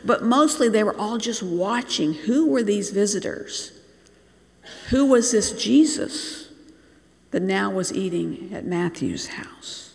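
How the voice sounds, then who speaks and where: A preacher who grew up in Bangladesh, telling a sermon as a story, slowing down and dropping to near-whispers to make a point. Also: mid-range voice, animated, creaky. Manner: storytelling, slows and drops to near-whispers for emphasis. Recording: long reverb in a large hall.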